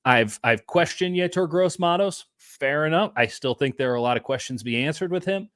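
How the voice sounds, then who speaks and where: A man co-hosting a casual sports podcast over a video call, talking in an animated way with playful asides. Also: a little high, a little fast, dry recording, clean studio sound. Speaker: co-host.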